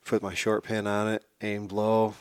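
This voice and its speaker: A man as a podcast guest, telling a hunting story in a casual, animated way and acting out what people said. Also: lowish voice, a little slow, smooth, no room sound. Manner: animated, acts out quotes.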